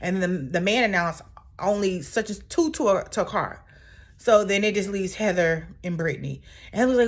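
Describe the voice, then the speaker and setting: A woman's voice: mid-range voice, lively intonation, fairly quick. A woman casually recapping a reality TV episode in a chatty, sassy way, full of asides.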